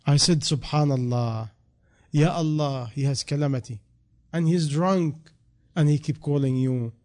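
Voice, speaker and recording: Preaching in English that isn't his first language, this man speaks a little slowly in a fairly high voice. His sermon moves from hushed reflection up to forceful, loud appeals.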